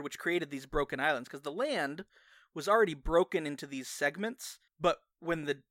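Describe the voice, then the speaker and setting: Animated man game master, lively pitch. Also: no room sound, studio quality. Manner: animated, laughs often, thinks aloud with restarts. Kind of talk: narrating a tabletop game.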